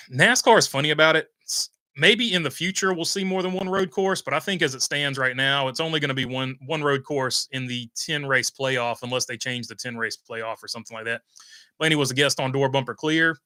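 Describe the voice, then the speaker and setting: Young adult man, livestream host reading chat; bright, crisp tone, dry close-mic sound, loose and rambling. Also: medium pitch, brisk, no echo. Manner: rambling, many "uh" fillers, reads viewer comments aloud.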